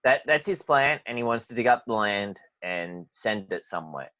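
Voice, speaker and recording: A man's voice: on the low side, lively intonation, normal speed, sharp tone, dry recording. A laid-back male podcast co-host, agreeable and rambling, with plenty of "like". The mic sounds a little muffled and lo-fi. It is dry, with no room sound. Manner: easygoing, agreeable, lots of "like". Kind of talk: casual chat reviewing a cartoon.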